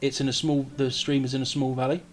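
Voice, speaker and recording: A man's voice: mid-range voice, level tone, slight background noise. Man running a tabletop game. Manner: halting, many fillers. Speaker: game master. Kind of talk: narrating a tabletop game on a live stream.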